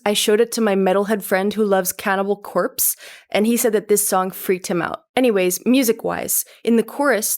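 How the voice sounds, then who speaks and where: Wry young woman doing music commentary. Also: medium pitch. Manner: wry, sarcastic, laughs often. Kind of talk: video commentary.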